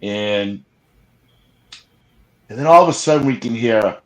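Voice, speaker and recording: A man talks through a strange night out in the woods, rambling and excited, tripping over his words and restarting his sentences. It is a casual live chat, and he speaks at a middling pitch. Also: measured pace, rough recording. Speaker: Bigfoot field investigator guest. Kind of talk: casual storytelling on a live show.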